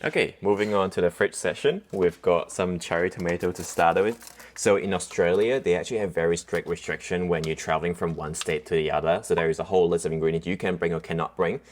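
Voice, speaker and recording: Young male vlogger, very low voice, easygoing explainer, faint background noise. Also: fast. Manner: explanatory, relaxed, teasing. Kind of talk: casual travel vlog.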